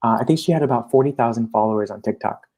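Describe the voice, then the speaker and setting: A man, a coach and guest, talking in a casual, animated interview and acting out his clients' voices. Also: mid-range voice, rapid-fire.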